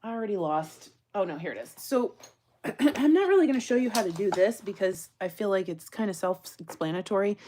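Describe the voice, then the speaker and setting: A woman's voice: medium pitch, moderate pace, dark tone. A woman hosting a jewelry-making livestream, chatting casually and laughing often, sometimes dropping to a whisper while she works. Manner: chatty, laughs often, reads viewer comments aloud; drops to a whisper while working. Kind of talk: casual live chat while crafting.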